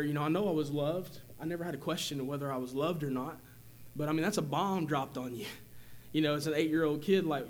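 Halting man sharing testimony in church. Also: fairly high pitch, slight background noise. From Tennessee, USA. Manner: halting, many fillers and restarts. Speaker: church member giving testimony. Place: church sanctuary.

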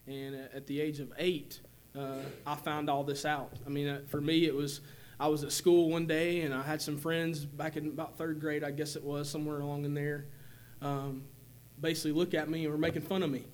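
A man in his forties giving a personal testimony in church, speaking haltingly with many fillers and restarts. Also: fairly high pitch, flat delivery. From Tennessee, USA. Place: church sanctuary.

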